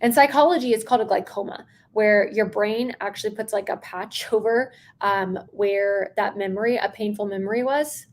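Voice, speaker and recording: A young woman coaching on sales during a live stream, talking fast and chatty with lots of fillers. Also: mid-range voice.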